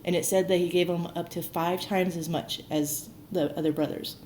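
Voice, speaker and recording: A woman's voice: fairly low pitch, steady tone, moderate pace, a little mellow. Chatty woman retelling a story. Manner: chatty, full of "like", acts out quotes. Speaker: archaeology educator. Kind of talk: casual retelling of a Bible story. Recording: roomy echo, faint noise.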